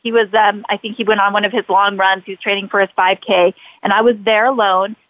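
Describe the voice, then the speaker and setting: A woman's voice: medium pitch, little pitch movement, fairly quick, no room sound, dull audio. A woman hosting an interview, telling a personal story with frequent fillers and restarts. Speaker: podcast host. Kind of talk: conversational interview.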